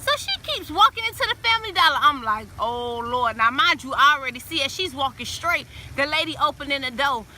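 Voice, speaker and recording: A woman telling a story in a casual, animated way, acting out the lines of the people in it. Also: sits high, fairly quick, hardly any pauses, slight background noise. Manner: animated, acts out friends' quoted lines.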